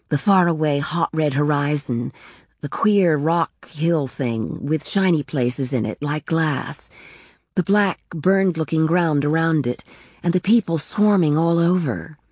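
A woman reading a short story aloud in a calm, even storytelling manner. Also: low voice, a little slow, breathy edge, dry recording, studio quality. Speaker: narrator.

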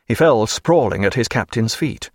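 A man reading a naval novel aloud as an audiobook narrator, measured and steady. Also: lowish voice, breathy edge, no echo, clean studio sound. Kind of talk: scripted narration.

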